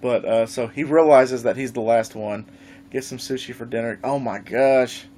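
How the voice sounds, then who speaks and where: Man, gaming vlogger, mid-pitched voice, faint hum behind, lively storytelling, casual. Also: normal speed. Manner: animated storytelling, swears freely. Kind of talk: casual livestream chat.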